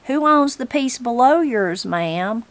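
A woman's voice: on the high side, lively intonation, takes it slowly, fairly bright tone, pitched above the performer's own voice, full character voice. A woman voicing a polite, eager young male surveyor. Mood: earnest. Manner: polite, earnest.

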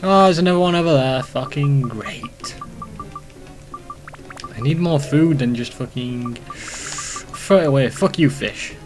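A young man giving rambling, profane commentary while playing a video game, excitable and talking to himself. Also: medium pitch, measured pace, pauses often, faint music behind. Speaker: let's play host. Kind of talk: casual gameplay commentary.

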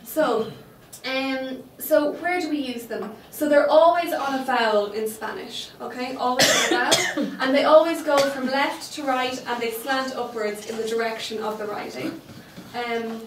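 High-voiced woman teaching in a classroom. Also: moderate pace, hardly any pauses, slight background noise. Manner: patient, checks understanding with frequent okay. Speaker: Spanish teacher. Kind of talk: classroom lesson. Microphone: distant room microphone. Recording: echoey classroom, mic far off.

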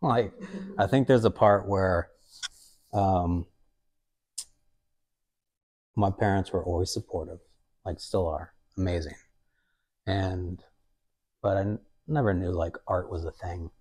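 A man's voice: deep voice, steady tone, a little slow, long pauses, a little mellow. A young adult man, an artist, talking casually in a museum gallery, rambling with lots of fillers and quoted asides. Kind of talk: casual conversational talk.

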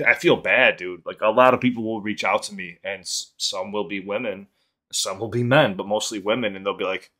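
A man hosting a reaction video in a relaxed, chatty way, laughing easily as he talks. His voice sits at an ordinary middle pitch. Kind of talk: casual reaction commentary.

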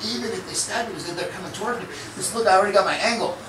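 A man's voice: high-pitched, racing. A man teaching a jiu-jitsu seminar in a loose, profane, casual way, acting out moves and sound effects as he goes. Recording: echoey room from far off, with noise.

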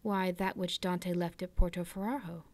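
A woman's voice: fairly low pitch, fairly even intonation, normal speed, close to an everyday voice. A woman reading aloud, voicing a sly, jealous male ship's clerk with an insinuating manner.

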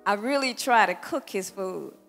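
A woman's voice: mid-range voice, normal speed, creaky, fairly bright tone. A woman in her sixties, a pastor, giving a thank-you speech at her church celebration and telling a funny story, acting out the dialogue. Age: 60s. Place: church hall event. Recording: long-reverb hall with music behind.

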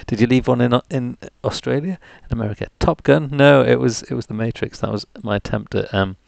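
Hosting a live music stream, a man with a mild Geordie accent from North East England fills time with jokey, chatty, self-deprecating rambling. He speaks a little fast at medium pitch in a steady tone, with vocal fry and a slightly mellow quality, recorded without echo.

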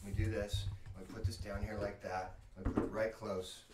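A man's voice: lowish voice, little pitch movement, a little fast, noisy background. A man hosting a casual music livestream from his living room, rambling and self-mocking, with lots of fillers and restarts. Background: keyboard playing.

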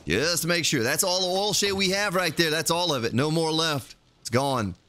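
A man's voice: on the high side, lively intonation, moderate pace, sharp tone. A male game streamer giving live gameplay commentary, talking playfully to himself and to his viewers in the chat.

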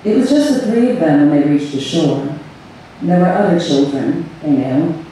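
A woman reads her own story aloud at a live event, slow and measured. Her voice is mellow and reaches the camera from far off, wrapped in heavy room echo. A faint hum sits beneath it. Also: sits low, expressive. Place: event room on a cruise ship. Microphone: far audience camera. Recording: echoey hall recorded from far off.

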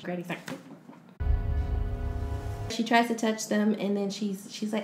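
A woman's voice: medium pitch, flat delivery, normal speed, long pauses, music in the background. A woman hosting a podcast, giving a casual movie recap and acting out the characters' lines as she retells the plot. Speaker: podcast host. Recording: echoey room, faint background hiss.

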